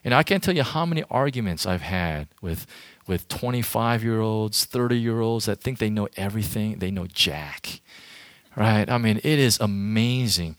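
A man's voice: lowish voice, expressive, normal speed, no echo. A man giving an informal sermon to a youth group as their pastor, talking directly and emphatically to the audience.

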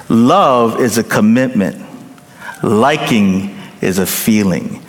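A man preaching a sermon as pastor, emphatic, rising to loud peaks and dropping to hushed endings, often checking in with the congregation. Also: mid-range voice, expressive, unhurried. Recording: long hall reverb.

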